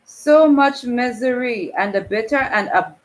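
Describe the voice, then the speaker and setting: A woman with a Crucian Virgin Islands accent reading the part of an earnest, grieving Crucian woman, at a slow, emotional pace. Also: fairly high pitch, lightly acted, poor audio. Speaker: reader voicing a dialogue character. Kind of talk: dramatic reading of a dialogue.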